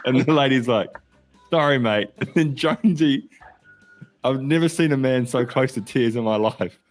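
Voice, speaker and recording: A man's voice: mid-range voice, moderate pace, faint music behind. A man telling a funny story in casual podcast chat, laughing and swearing. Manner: laughing anecdote-teller, swears freely. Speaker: podcast co-host.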